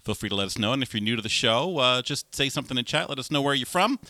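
A joking man co-hosts a live music stream, laughing often as he greets the regulars. His pitch swings widely and his tone is bright. The sound is close and dry, with no room around it. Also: lively intonation, fast talker, no room sound. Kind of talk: casual live-stream chat.

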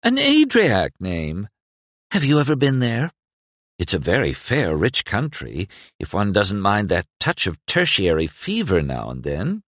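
A man voicing a coy storybook seductress who purrs her words in a throaty, teasing tone. Her low voice swoops up and down as she flirts, and it is recorded dry and close. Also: huge pitch swings, a little slow, fairly bright tone, no room sound, heavily acted. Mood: flirtatious. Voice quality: throaty, purring. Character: flirtatious woman, purring and playful.

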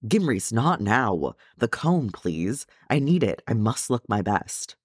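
A man's voice: on the low side, big pitch swings, slow pace, breathy edge, no room sound, clean studio sound, exaggerated voice. Gimli, a man doing a hot-tempered young dwarf. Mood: agitated. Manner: agitated, loud.

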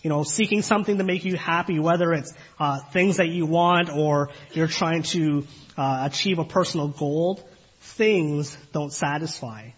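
Husky-voiced man preaching a sermon. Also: on the high side. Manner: earnest, measured preaching with frequent fillers and rhetorical questions. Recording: dull lo-fi recording.

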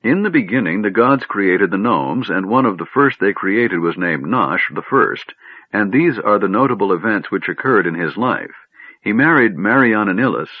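A man voicing an excitable, fussy male gnome who talks in rapid, eager bursts, recorded on a narrow phone-like line. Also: on the low side, breathy edge, dry recording. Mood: proud. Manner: rapid, eager, runs words together.

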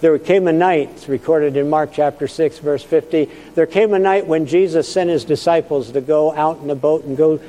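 Male pastor, earnest storytelling sermon, mellow, fairly high voice, long reverb. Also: moderate pace, hardly any pauses.

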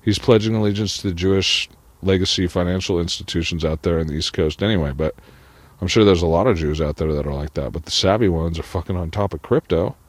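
A man's voice: sits low, quick pace, no room sound. A man talking to camera in a rambling personal monologue, profane and full of "like". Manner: profane, rambling, heavy use of "like". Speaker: vlogger.

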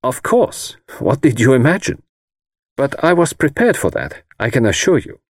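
A man's voice: medium pitch, very animated, moderate pace, no room sound, studio quality, voice pushed up. A man voicing a confident, cheerful young woman in an audiobook reading, breezy and a little teasing. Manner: breezy, self-assured, teasing.

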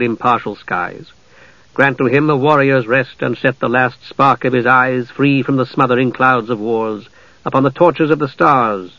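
Guy doing a quiet solemn hero, low and slow, dull dry audio. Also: no echo, close to an everyday voice. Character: solemn grieving half-elf hero.

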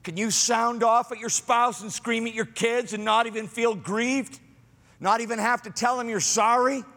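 Dramatic high-voiced male preacher. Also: fairly even intonation, moderate pace, creaky, in a large hall. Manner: dramatic, swinging from quiet to loud. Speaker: pastor. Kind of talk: sermon.

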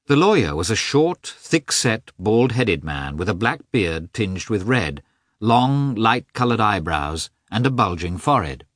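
A man narrating a classic novel with an expressive, scripted delivery. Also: fairly low pitch, a little slow, no echo, studio quality. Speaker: audiobook narrator.

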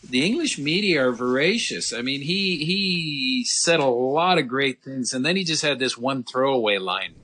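A sports reporter calling in to a radio show, telling a story animatedly with lots of restarts. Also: male voice, medium pitch, lively intonation, moderate pace, few pauses, pushed and bright, husky. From United States. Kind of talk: casual radio phone chat. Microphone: phone line.

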